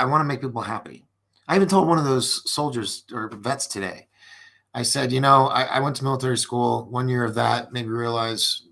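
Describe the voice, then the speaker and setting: A man hosting a live-streamed podcast, talking loosely and earnestly to his viewers. His voice has a gravelly edge and a bright, forward tone. He rambles, restarts his sentences and fills the gaps with "you know" and "um". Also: medium pitch. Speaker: podcast host. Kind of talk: casual live-stream chat reading viewer comments.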